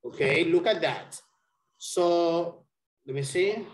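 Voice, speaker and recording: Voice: medium pitch, takes it slowly, echoey room, poor audio. An English teacher giving a one-on-one lesson over a video call, checking often that the student understands.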